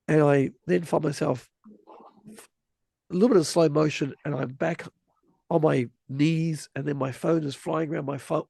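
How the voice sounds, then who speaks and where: Gravelly-voiced man in his forties, rambling. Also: on the high side, a little mellow, no room sound. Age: 40s. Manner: rambling, many restarts, vivid retelling. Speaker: father telling a story. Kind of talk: casual storytelling conversation.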